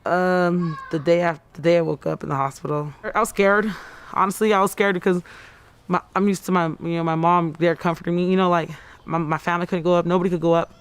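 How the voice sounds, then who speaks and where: A woman in her thirties tells her own story to a news interviewer, stumbling and repeating herself as she acts out what she said. Her voice is smooth and clear. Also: lowish voice, fairly even intonation. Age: 30s. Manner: halting and repetitive, often acting out her own quoted words. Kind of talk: personal account in a news interview.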